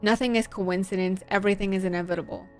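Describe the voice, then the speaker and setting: A woman's voice: medium pitch, fairly even intonation, fast, soft background music. A woman streamer narrating a visual novel playthrough and reacting with blunt, profane commentary.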